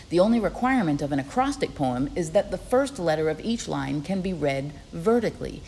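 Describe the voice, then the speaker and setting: Woman, teacher, scripted lesson narration, low voice, clear friendly explaining, long reverb. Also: dark tone, a little hiss or hum. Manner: clear, friendly explaining, reads rhythm examples aloud.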